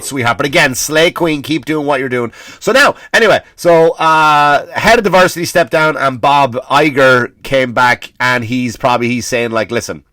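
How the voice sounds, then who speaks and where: A man's voice: medium pitch, bright, forceful tone, dry recording, clean studio sound. A man hosting a comedy podcast, ranting from home with blunt, profane sarcasm and lots of stammered restarts.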